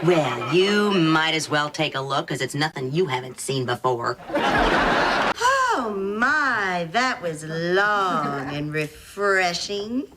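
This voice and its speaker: A woman's voice: sits low, takes it slowly, very noisy. A woman playing a vain, self-absorbed sitcom character who speaks in a teasing way. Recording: sitcom audio over a loud laugh track. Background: studio audience laughter.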